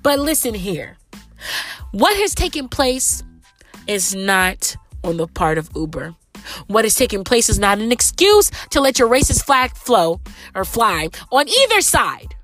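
A woman's voice: fairly high pitch, big pitch swings, a little slow, a bit bright, soft background music. A young adult woman, a rideshare driver with a cold-stuffed nose, ranting and lecturing her viewers in a profane, emphatic way. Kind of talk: casual ranting vlog.

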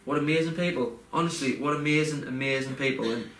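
A man's voice: on the high side, fast talker, fairly bright tone. Man in casual, heartfelt chat. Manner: rambling, heartfelt, frequent fillers and restarts. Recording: roomy echo, faint background noise.

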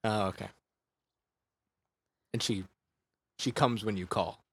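A man's voice: on the low side, fairly even intonation, fairly bright tone, slightly rough, no room sound. A man co-hosting a podcast in casual chat who laughs easily and keeps asking skeptical questions. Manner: giggly, quick to laugh and question. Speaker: podcast co-host.

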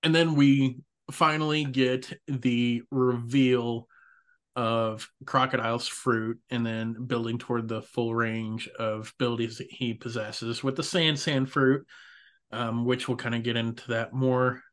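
A man's voice: medium pitch, level tone, unhurried. A man hosting a casual anime recap podcast, laughing often and swearing casually. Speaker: podcast host.

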